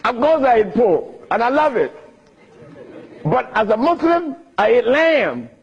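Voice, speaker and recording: Husky, animated man telling stories. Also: extremely high pitch, measured pace, some chatter behind. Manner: animated, chuckling, emphatic asides. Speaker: speaker at a Q&A talk. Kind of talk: storytelling lecture to an audience. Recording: dull lo-fi recording.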